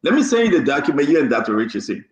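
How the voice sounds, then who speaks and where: A man's voice: fairly high pitch, big pitch swings, very fast, reverberant, highs cut off. A man hosting a talk show, blunt and teasing.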